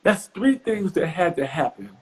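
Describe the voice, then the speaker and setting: A middle-aged comedian, appearing as a podcast guest, tells a story in an animated, profane way, acting out other people's voices. His voice sits high and his pace is moderate, though the audio quality is poor.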